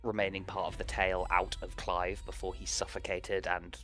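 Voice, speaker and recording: Deep-voiced man running a tabletop game. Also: monotone, normal speed, pushed and bright, faint music behind. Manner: casual, loose recap with restarts and swearing. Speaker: game master.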